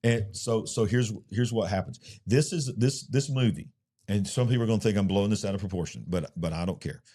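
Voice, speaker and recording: A man's voice: lowish voice, fairly quick, mellow. A man co-hosting a Christian ministry show, reviewing a film in casual chat and speaking emphatically, often repeating words as he gets going.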